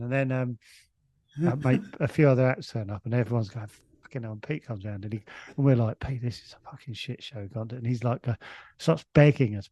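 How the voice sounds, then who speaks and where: A man's voice: mid-range voice, no room sound. A middle-aged Englishman, a comedian guest, telling a rambling anecdote full of restarts and chuckles. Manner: rambling storyteller with frequent restarts and laughs. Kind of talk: casual anecdote.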